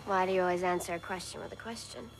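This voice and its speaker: An actress playing a young woman alone in a sorority house, brisk and impatient on the phone. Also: lowish voice, fairly even intonation, vocal fry, low-quality recording. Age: young adult. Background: music.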